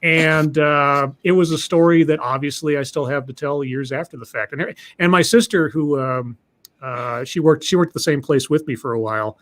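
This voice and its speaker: A man with a somewhat high voice tells a long story in a loose, casual way. He doubles back on his words, restarting phrases as he goes. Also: normal speed, fairly bright tone. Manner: rambling, with many restarts and repeated words. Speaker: podcast host telling a story.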